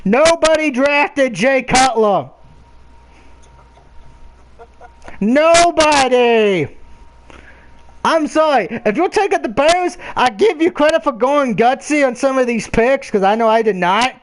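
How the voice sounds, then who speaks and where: Man, very high voice, casual sports host, blunt, profane, animated. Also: moderate pace, few pauses, noisy background. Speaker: sports picks podcast host.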